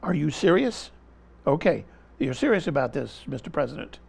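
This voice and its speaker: A man's voice: fairly high pitch, sing-song, moderate pace, vocal fry, a little mellow, slightly rough. A man speaking as an interview guest, giving impassioned political commentary in an emphatic style, pressing the same point again and again and talking over interruptions.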